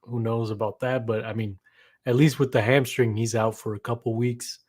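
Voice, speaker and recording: A man's voice: medium pitch, flat delivery, normal speed, a little mellow. Glum, hesitant sports co-host man. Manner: subdued, glum, hesitant with many ums. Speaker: podcast co-host. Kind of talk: casual sports chat.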